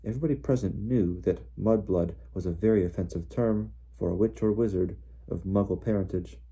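Low, dark-voiced male storyteller. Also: brisk, husky. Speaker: audiobook reader. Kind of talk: storybook narration.

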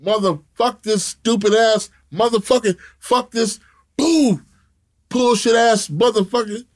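A man telling a profane story as an interview guest, animated, laughing often and acting out the other people in it. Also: extremely high pitch, a little slow.

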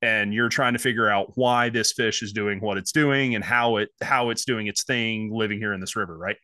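A man's voice: on the low side, fairly even intonation, moderate pace, bright, forceful tone, dry recording, clean studio sound. A man chatting as a podcast guest, rambling with lots of restarts and fillers. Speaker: podcast guest, fly-fishing business owner. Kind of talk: casual podcast chat.

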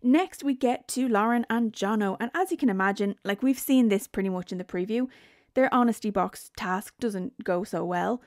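A woman's voice: mid-range voice, moderate pace, dry recording, studio quality. A young woman recapping a reality show in casual, blunt chat, swearing freely.

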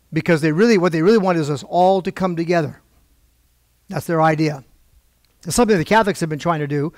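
Gravelly pastor telling a story. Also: male voice, a little high, no room sound. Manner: conversational, acts out quoted dialogue. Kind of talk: storytelling sermon. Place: church pulpit.

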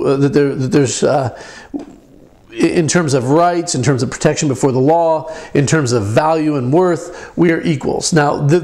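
Halting man giving an informal lecture. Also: a little high, a little mellow. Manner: halting, many fillers and restarts.

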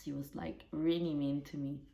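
A woman's voice: sits low, flat delivery, moderate pace, gravelly, dark tone. A woman vlogger chatting casually and rambling, swearing now and then. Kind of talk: casual vlog chat. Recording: roomy echo.

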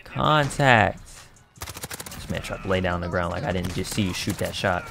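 A man commentating his own online shooter matches in casual slang, excitable, trash-talking other players and bursting into shouts. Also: deep voice, normal speed, creaky. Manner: casual slang-heavy banter. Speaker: gaming YouTuber. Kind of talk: live gameplay commentary.

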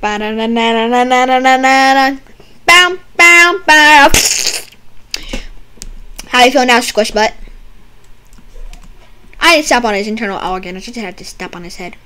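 A young woman playing a doctor in a game roleplay, silly and teasing, with sudden loud outbursts. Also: medium pitch, a little fast, long pauses. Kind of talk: playful game roleplay banter.

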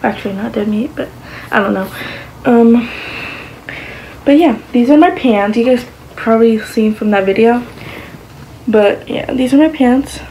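A woman's voice: a little high, measured pace, long pauses, dark tone, a little hiss or hum, rough recording. A woman vlogging in a casual chat to the camera, rambling along with lots of fillers and restarts.

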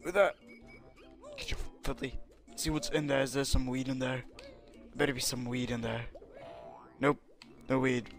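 Over soft background music, this gamer speaks at medium pitch and normal speed, pausing often, with only light acting. His parody character is an arrogant, hot-tempered alien warrior prince, brash and panicky, hurling insults and yelping.

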